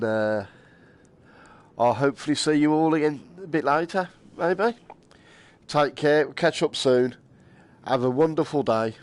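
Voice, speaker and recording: Chatty man streaming a game. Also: mid-range voice. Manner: chatty, laughs often, swears casually. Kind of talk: casual live-stream chat.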